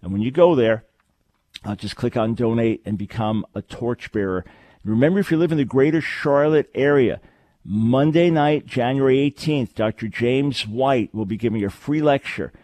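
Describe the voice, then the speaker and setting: A man's voice: medium pitch, moderate pace, darkish tone, no echo. Earnest male radio talk host. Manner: earnest, emphatic, repeats phrases for stress. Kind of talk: call-in radio advice and announcements.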